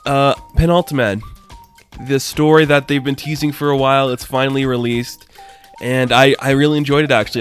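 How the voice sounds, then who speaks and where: A man giving a casual, excited comic book review, rambling and briefly voicing characters as he retells scenes. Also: mid-range voice.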